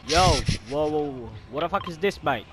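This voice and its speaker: A brash, foul-mouthed Aussie gamer bloke, put on by a young man trolling strangers in game voice chat. He talks in a slightly high voice, full of slang and casual curses. Clear gunfire and mouse clicks from the game sound behind him. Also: expressive, moderate pace, background noise, close to an everyday voice. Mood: chatty. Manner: slangy, swears constantly, laid-back banter.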